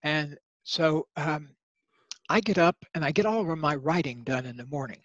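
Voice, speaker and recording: A man's voice: on the high side, normal speed, dry recording, highs cut off. An older man, a guest author, telling stories in a podcast interview and acting out the voices in his anecdotes. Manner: animated storyteller, acts out voices in anecdotes.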